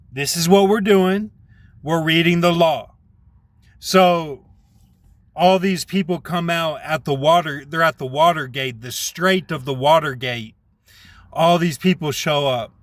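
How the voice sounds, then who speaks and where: A man's voice: on the high side, fairly bright tone, no echo. A man casually retelling a Bible passage in a rambling way, repeating himself as he goes.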